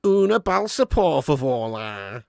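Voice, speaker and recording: A man's voice: medium pitch, sing-song, measured pace, vocal fry, a little mellow, no room sound, studio quality. Man doing a broad comic Scouser. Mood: mocking. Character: exaggerated Liverpool man mangling foreign phrases.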